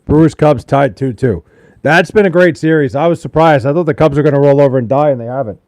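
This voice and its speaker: Young male streamer, slightly high voice, casual, swears often, weary banter with chat. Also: quick pace, a little mellow. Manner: loose, profane, joking banter with chat. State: tired. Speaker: livestreamer. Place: at home in Wisconsin.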